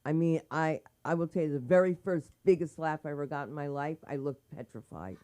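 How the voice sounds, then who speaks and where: A comedy teacher gives blunt, practical notes to performers and mixes in stories from their own early days. The voice is dark and mellow, and the talk stays loose and frank. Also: mid-range voice, a little fast. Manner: frank, advising, anecdotal. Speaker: comedy teacher giving feedback. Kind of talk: casual coaching chat.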